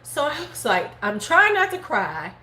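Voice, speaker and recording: A middle-aged woman hosting a live stream, casually telling a story in animated fashion, swearing freely and acting out her relatives' words. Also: sits high, normal speed. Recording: roomy echo, faint background noise.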